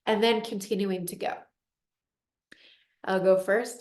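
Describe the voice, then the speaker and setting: A woman's voice: mid-range voice, slow pace, long pauses. Woman coach chatting through a lesson, lots of "like", sounds echoey. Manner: animated, acts out inner voices, frequent "like" fillers. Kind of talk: casual teaching on a group call.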